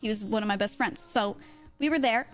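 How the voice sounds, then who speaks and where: A young woman streamer telling a story in casual chat, animated, laughing often and full of fillers. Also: medium pitch, fairly quick, faint music behind.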